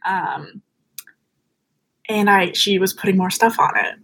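A woman's voice: medium pitch, a little slow, fairly bright tone, slightly rough, low-quality recording. A young woman as a podcast guest, telling a personal story in an earnest, chatty way, full of fillers.

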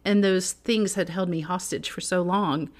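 A woman's voice: on the low side, fairly even intonation, normal speed. A middle-aged woman co-hosting a casual faith podcast, telling personal stories earnestly and laughing often. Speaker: podcast co-host.

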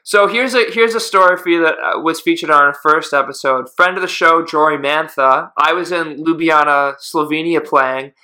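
A man's voice: a little high, normal speed, few pauses, bright, forceful tone. A man hosting a podcast, chatting and teasing his guest in a joking way. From Canada. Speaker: podcast host. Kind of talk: casual podcast chat.

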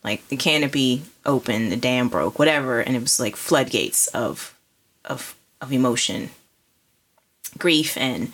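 A woman's voice: rumbling low, expressive, unhurried. A woman who co-hosts a podcast and works as a coach, talking casually and reflectively with vivid imagery. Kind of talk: casual intimate conversation.

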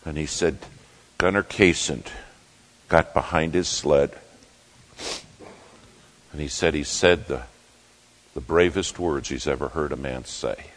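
A man preaching, slowly and dramatically retelling a true story in a sermon. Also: very deep voice, a bit bright, rough recording.

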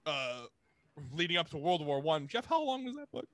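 A man with a notably high-pitched voice bantering on a podcast and laughing often. He jokes and teases loosely. The recording is dry and close, with no room echo. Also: sing-song, normal speed, a bit bright. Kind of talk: casual chat.

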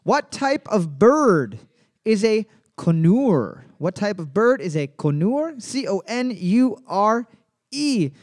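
A man with a high voice hosts a trivia night, reading each question twice. He slips in crude jokes and teasing asides between rounds. His delivery is loose and playful. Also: sing-song, slow pace. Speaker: trivia host. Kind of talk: bar trivia hosting with banter.

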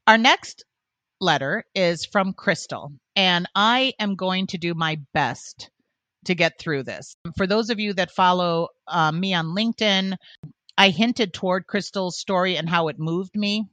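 A woman's voice: on the low side, a little slow, fairly bright tone, dry recording. A woman co-hosting a podcast, earnestly reading a listener's letter aloud. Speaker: podcast co-host.

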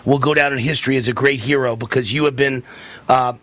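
A fervent male talk radio host with a bright, forceful voice that drives every point home through repetition. The sound is dry and close, with no room around it. His talk runs indignant and emphatic. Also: medium pitch, steady tone, fairly quick, no room sound. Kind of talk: political talk radio commentary.

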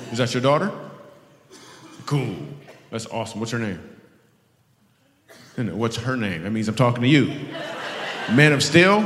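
A man's voice: medium pitch, fairly bright tone, a little hiss or hum. A man doing stand-up comedy, teasing audience members in playful crowd work on stage with a handheld mic. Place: live show in a large venue with an audience. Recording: echoey hall with audience ambience.

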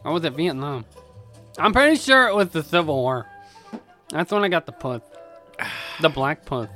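Young guy co-host, high lively bright voice, joking anecdotes, faint music behind. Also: normal speed. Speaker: podcast co-host. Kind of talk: casual chat.

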